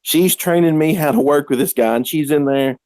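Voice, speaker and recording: Rambling storyteller man, slightly high voice. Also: a little fast, a little mellow, no echo. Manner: rambling anecdotes with acted-out quotes. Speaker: podcast guest. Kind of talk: casual storytelling.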